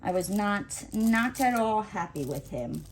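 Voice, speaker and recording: A woman chatting casually while she crafts, rambling through an animated story full of "like" and acted-out dialogue. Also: mid-range voice, unhurried, a little hiss or hum. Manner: acts out quoted dialogue. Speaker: crafting vlogger. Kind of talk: casual chat while diamond painting.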